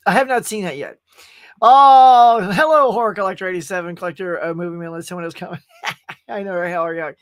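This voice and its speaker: A man's voice: sits high, fairly even intonation, a little fast, no echo. A man hosting a casual livestream. He chats in a rambling way, laughs often and greets viewers by name. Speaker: livestream host. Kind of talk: casual live-stream chat.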